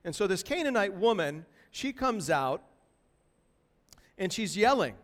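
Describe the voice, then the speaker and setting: A man preaching a sermon to a church congregation, expressive and building intensity as he acts out a pleading cry. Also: high voice, unhurried. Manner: expressive preaching, voices a pleading woman in rising tones. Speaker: pastor. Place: church hall. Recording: long hall reverb.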